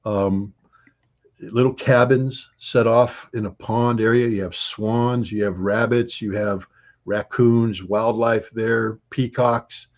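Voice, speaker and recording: A man telling travel anecdotes in an interview, rambling with many fillers, restarts and laughs, his voice husky. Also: lowish voice, fairly even intonation, slow pace. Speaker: interview guest. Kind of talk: conversational storytelling. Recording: dull lo-fi audio.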